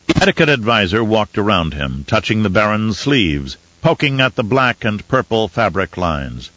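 A man narrating a novel as an audiobook in a steady, descriptive storytelling manner. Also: on the low side, measured pace, dry recording, highs cut off. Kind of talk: scripted narration.

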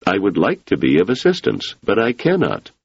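A man's voice: lowish voice, wildly swooping pitch, normal speed, vocal fry, husky, no room sound, dull audio, voice pushed up, exaggerated voice. A man reading the part of a cautious, reluctant male scholar who talks in a guarded, dry way.

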